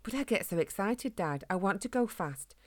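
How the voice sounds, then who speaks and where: A woman's voice: mid-range voice, expressive, moderate pace, close to an everyday voice. A woman voicing an eager, impatient young male hedgehog in a storybook reading, raising her voice to sound childlike.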